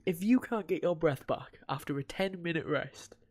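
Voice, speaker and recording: A man's voice: a little high, normal speed. Rambling guy recapping, swearing. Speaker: podcast co-host. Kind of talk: casual chat.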